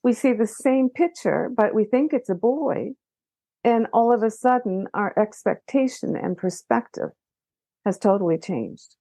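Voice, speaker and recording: An animated woman speaks as a podcast guest. She stops and restarts her sentences, and her voice climbs as she presses a point. The recording is dry and close. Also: a little high, measured pace, dry recording. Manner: animated, many restarts, rising emphasis. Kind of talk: casual conversation.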